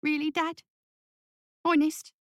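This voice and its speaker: Woman doing a high childlike boy voice, pleading, storybook, dry close sound. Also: flat delivery, slow pace, fairly bright tone, dry recording. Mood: hopeful. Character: young boy, hurt and eager.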